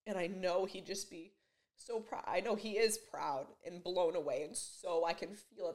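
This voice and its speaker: A woman in her twenties talking in a personal confessional vlog in her bedroom, emotional and halting, with many fillers and restarts. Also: on the low side, a little mellow. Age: 20s. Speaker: vlogger. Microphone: camera mic.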